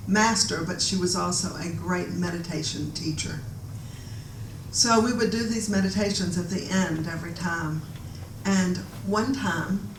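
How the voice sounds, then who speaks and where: A woman giving a reflective talk about her own experiences to a gathered audience, pausing and restarting as she goes. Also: fairly low pitch, slight background noise. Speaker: guest speaker. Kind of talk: personal storytelling talk. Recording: echoey room from far off.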